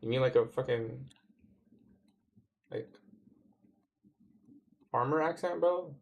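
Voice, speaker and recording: A young Canadian man with a Toronto accent talks through a trading livestream. His speech is relaxed and slangy, and his pitch sits in a mid range. He answers viewers' questions in an offhand way. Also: takes it slowly, gravelly. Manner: laid-back slangy talk, reads out and answers chat. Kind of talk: casual livestream chat.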